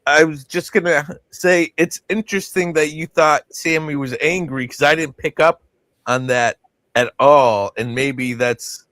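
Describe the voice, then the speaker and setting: A man's voice: fairly high pitch, measured pace, a bit bright, no room sound. A man literary agent in a live video Q&A, joking and self-deprecating. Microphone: video call.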